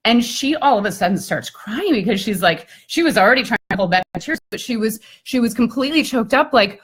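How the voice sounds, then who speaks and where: A woman speaker and coach telling a story in a lively, conversational way on a live video chat, often using "like" and "I mean". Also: on the high side, fairly quick, breathy edge.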